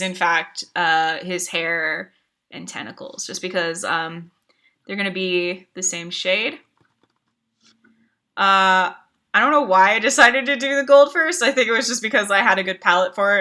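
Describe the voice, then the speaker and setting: A woman's voice: mid-range voice, sharp tone. A woman chatting casually while she draws on a live stream, thinking aloud and hesitating with fillers.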